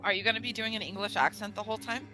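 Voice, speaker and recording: A woman's voice: medium pitch, racing, over music. A woman teasing and joking in casual stream chat. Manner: teasing, playful.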